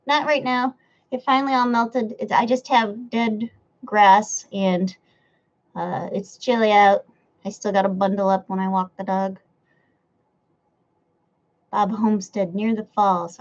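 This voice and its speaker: A woman's voice: medium pitch, a little slow. Chatty woman streamer, lo-fi sound. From United States. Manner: chatty, laughs often, swears casually. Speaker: live streamer reading chat. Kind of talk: casual live-stream chat. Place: home room near a window.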